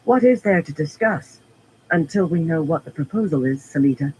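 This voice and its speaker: Composed woman leader, smooth and controlled, pitched up by a man reader. Audiobook fantasy role. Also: expressive, moderate pace, darkish tone, slight background noise, natural voice, poor audio. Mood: dismissive.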